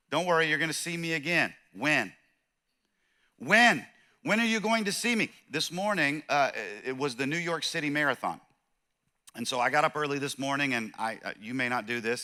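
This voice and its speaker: Californian pastor guy, middle-aged, bright ringing voice, chatty sermon, plays out little voices. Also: medium pitch, fairly quick. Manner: conversational, joking, acts out voices of people in the story.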